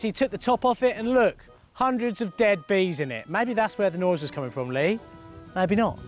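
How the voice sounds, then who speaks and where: Jokey plumbing show host. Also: male voice, sits high. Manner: jokey, chatty, laughs often. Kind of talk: casual chat over viewer photos.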